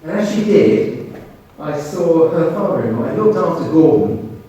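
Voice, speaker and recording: A man's voice: fairly high pitch, very animated, unhurried, mellow, lo-fi sound. A man, a doctor and medium, telling his stories as anecdotes in an interview, acting out the voices of people he quotes. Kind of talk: storytelling in an interview. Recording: echoey room, speaker far from mic, faint noise.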